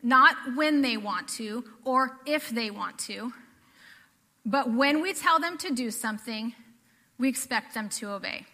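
A woman's voice: on the high side, animated, a little slow, sharp tone, in a large hall. A woman from the Pacific Northwest preaching a sermon to a church congregation, earnest and conversational, often repeating phrases. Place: church sanctuary.

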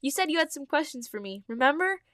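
A woman voicing an earnest young tomcat fleeing his clan, in a fan story read aloud, in an earnest, slightly lowered storytelling voice. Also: animated, quick pace, a bit bright, dry recording, clean studio sound.

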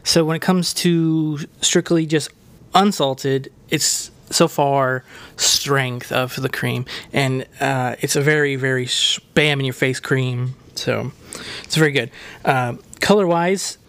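Chatty host with a dry close voice. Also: male voice, medium pitch, fairly even intonation, slow, fairly bright tone, dry recording. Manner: hammy, drops a jokey put-on Irish "lad". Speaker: podcast host. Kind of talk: casual solo review.

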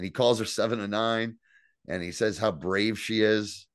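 Male podcast co-host, lowish voice, dry close sound, swears freely while retelling scenes. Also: moderate pace, no room sound. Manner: profane, animated storytelling. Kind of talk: casual recap chat.

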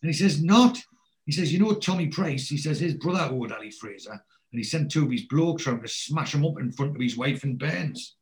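Speaking a little high and fairly quickly, a man relays a TV episode in casual chat on a low-quality recording. He tells it animatedly, with plenty of swearing and performed character lines.

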